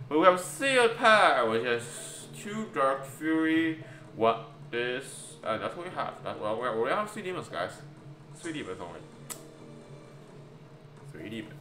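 A man's voice: medium pitch, slight background noise. Chatty man commentating a card game. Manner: chatty, reacting aloud to a card game, addressing viewers as guys. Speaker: gameplay youtuber. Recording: roomy echo with loud background music.

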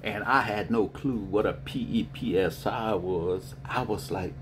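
A middle-aged man, a spiritual reader, answering viewer questions in a rambling, animated way with frequent laughter. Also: on the low side, measured pace, noisy background. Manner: rambling, animated storyteller who laughs often.

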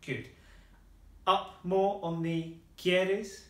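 A man's voice: fairly high pitch, a little slow, fairly bright tone, roomy sound. A man teaching a lesson, patiently modelling phrases and praising his student's answers. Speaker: language teacher.

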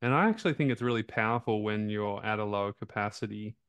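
An Australian man hosting a casual interview, talking in a relaxed, informal way with loose fillers. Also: fairly low pitch, fast, clean tone. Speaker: interview host.

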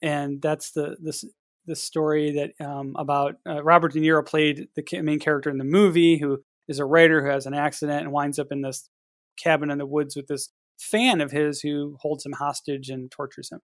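A man co-hosting a casual writing podcast, talking in a measured, hesitant way with many fillers. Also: fairly high pitch, level tone, dry recording, clean studio sound. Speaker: podcast co-host and editor.

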